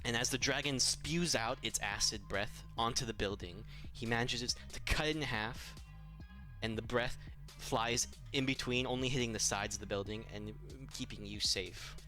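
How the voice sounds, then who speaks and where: A man's voice: mid-range voice, normal speed, sharp tone, faint music behind. A man narrating a tabletop game as game master, rambling with lots of fillers and frequent laughs.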